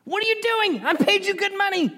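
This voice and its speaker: A man voicing an angry king who paid for a curse, shouting in indignant exasperation, recorded in an echoey hall. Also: extremely high pitch, animated, brisk, voice pushed up, exaggerated voice.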